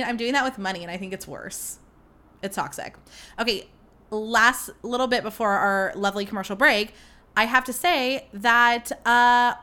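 Bright-voiced chatty woman podcaster. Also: mid-range voice. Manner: chatty, swearing, lots of fillers and "like". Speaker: podcast host. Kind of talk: casual chat.

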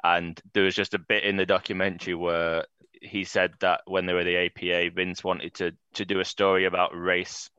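A man with a very deep, flat, smooth voice that is also bright and clear. He speaks in a measured, reflective way on a casual podcast, heard on a dry, dull-sounding recording. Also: no echo. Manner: measured, reflective, asks the others' views. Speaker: podcast co-host. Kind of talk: casual wrestling discussion.

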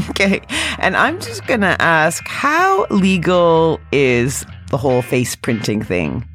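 A woman's voice: low voice, sing-song, slow pace, fairly bright tone, faint music behind. A woman co-hosting a podcast in casual chat, laughing and self-deprecating. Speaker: podcast co-host.

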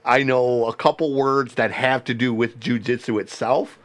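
A man hosting a podcast, talking in a rambling, halting way with many restarts and frequent laughter. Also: mid-range voice, steady tone. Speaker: podcast host. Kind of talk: casual interview chat.

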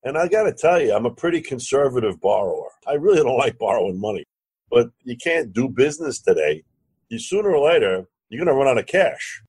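A man, a real estate lender and podcast guest, telling a lively anecdote and acting out the other voices. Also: medium pitch, fairly quick, breathy edge. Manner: animated anecdote teller, acts out quoted dialogue, curses casually. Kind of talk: storytelling in a podcast interview.

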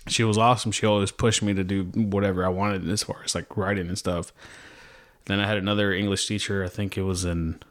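A man chatting casually as a podcast guest, rambling with many fillers and restarts. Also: lowish voice. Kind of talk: casual chat.

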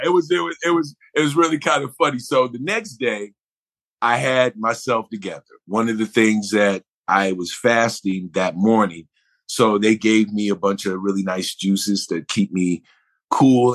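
A middle-aged man from Buffalo, New York, a guest actor telling a lively anecdote and acting out other people's voices. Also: on the low side, normal speed. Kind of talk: conversational storytelling.

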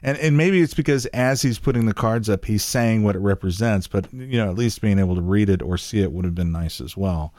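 Male co-host, low voice, easygoing and halting, dry close mic. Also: darkish tone, no echo. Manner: hesitant, many fillers and agreements. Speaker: podcast co-host. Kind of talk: casual review chat.

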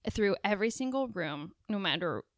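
A woman's voice: medium pitch, animated, moderate pace, no room sound, clean studio sound. A woman co-hosting a casual chat at home, talking in an easygoing, teasing way with lots of fillers and laughs. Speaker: podcast co-host. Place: home during quarantine.

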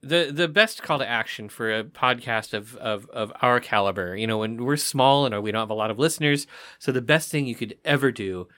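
A man's voice: medium pitch, a little fast, pushed and bright. Podcast co-host, man, laid-back storyteller, acts out his jokes. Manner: storytelling with acted-out character voices. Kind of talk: casual chat, telling jokes.

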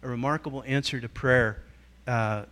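A man's voice: mid-range voice, moderate pace. A middle-aged man speaks as a guest teacher at a church gathering. He tells stories with lots of life, leaning into quoted voices and changing his delivery as he goes. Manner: storytelling, animated, acts out quoted voices. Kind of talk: teaching talk to a church group.

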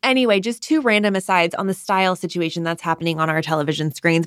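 A young woman hosting a podcast, chatting casually in an opinionated, gossipy way and swooping up in pitch for emphasis. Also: no echo, clean studio sound. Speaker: podcast host. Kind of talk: casual solo podcast chat.

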